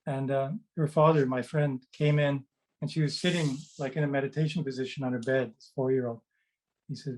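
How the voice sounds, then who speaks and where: The recording is rough as a middle-aged man, an author of children's books and meditation host, tells kids loose, rambling anecdotes over a video call. His mid-range voice is steady, brisk and a little mellow, peppered with fillers and restarts.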